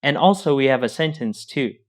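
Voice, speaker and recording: Man, mid-pitched voice, co-host, calm plain explanations. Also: normal speed. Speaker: co-host of a language lesson. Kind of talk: explaining lesson steps.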